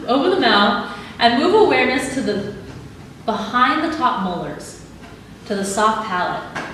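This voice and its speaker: A woman leading a live audience through body exercises in a calm, instructive way, laughing easily. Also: a little high, measured pace. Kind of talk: live talk with guided exercises. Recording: echoey hall, mic at a distance, audible background noise.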